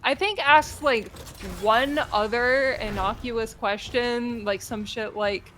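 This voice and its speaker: A woman's voice: a little high, fairly even intonation, slow pace, a bit bright, slight background noise. A woman streamer casually retelling a story in a rambling way, with many fillers.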